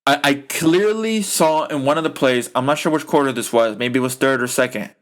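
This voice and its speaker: In a casual sports rant, a young man hosting a podcast goes off about a football game, swearing and rambling heatedly with lots of fillers. He has a mid-range voice and a brisk delivery.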